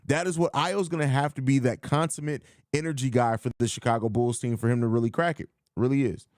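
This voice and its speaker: A man hosting a live sports chat in a casual, blunt manner, speaking with emphasis and reacting to viewer comments. His voice sits at a middle pitch for a man. The sound is dry and close, with no room echo. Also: fairly even intonation, a little fast. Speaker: podcast host.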